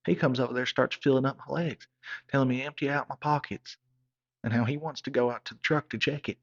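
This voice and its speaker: Gravelly man spinning a rowdy tale. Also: medium pitch, steady tone, fast. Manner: rowdy, profane, rambling backwoods tall-tale telling. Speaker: comedic storyteller. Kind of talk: comic storytelling monologue. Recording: dull lo-fi recording.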